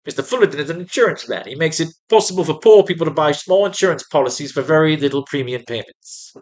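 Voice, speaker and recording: A man voicing a frail, trusting old woman from a comic, with a high, sweetly fawning delivery. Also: lively intonation, fast, darkish tone.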